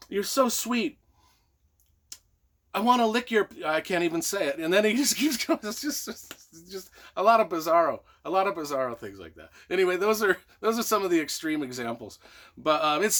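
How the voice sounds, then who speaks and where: High-pitched rambling male book reviewer. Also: a bit bright. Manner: rambling, profane, acts out silly voices. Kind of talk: casual spoken book review.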